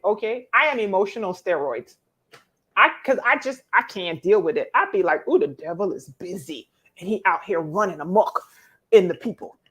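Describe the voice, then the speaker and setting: A woman, hosting a casual live-stream coaching talk, reading viewer comments and answering them in an expressive, preacherly way. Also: mid-range voice. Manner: expressive and preacherly, teasing viewers by name, emphatic repetition.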